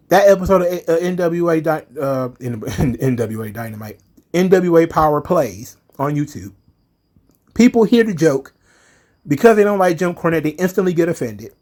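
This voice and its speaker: Man, fairly high voice, angry ranting commentary, profane, heated, emphatic. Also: a little mellow. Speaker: wrestling commentary vlogger.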